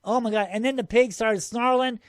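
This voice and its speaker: High-voiced excitable man telling a story. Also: a little fast, dry recording, studio quality. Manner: excitable, laughs often, says "dude" a lot. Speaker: show host telling his own encounters. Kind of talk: casual spoken storytelling.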